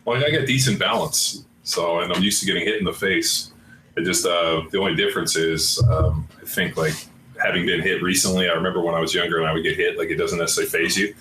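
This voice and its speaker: A man co-hosting a podcast who rambles through stories and swears freely. His very low voice has a bright, forceful edge. It is caught in an echoey room with a faint hiss. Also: steady tone, fast. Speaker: podcast co-host. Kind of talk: casual podcast chat.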